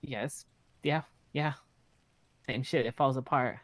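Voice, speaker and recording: A man's voice: medium pitch, slow pace, no room sound. Blunt, profane man telling stories. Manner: blunt, profane, animated storytelling. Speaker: roleplay streamer. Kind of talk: casual in-character chat.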